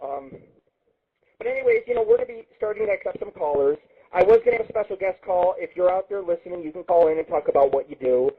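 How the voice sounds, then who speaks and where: Husky, lively-voiced radio host. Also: male voice, sits high, quick pace. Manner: rambling, excitable, crude storytelling. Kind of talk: profane late-night radio monologue. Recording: husky lo-fi phone-line sound.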